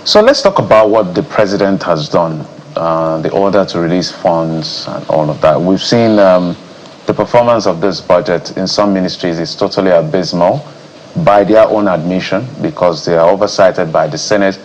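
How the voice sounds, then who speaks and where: A Nigerian man anchoring a TV news interview, chatty and animated as he questions his guest. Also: sits low, normal speed, highs cut off, a little hiss or hum. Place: TV studio.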